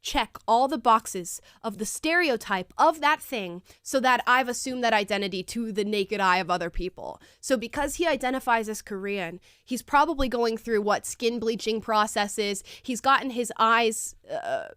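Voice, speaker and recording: A woman's voice: on the high side, moderate pace, few pauses, a bit bright, clean tone, no echo, clean studio sound. A woman hosting a show, reacting to a debate clip with emphatic, incredulous opinionated commentary.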